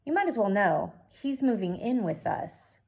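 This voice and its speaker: A woman's voice: medium pitch, sing-song, moderate pace, gravelly, a little mellow. A woman reading the part of a practical mother who explains things firmly and earnestly. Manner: explaining, matter-of-fact.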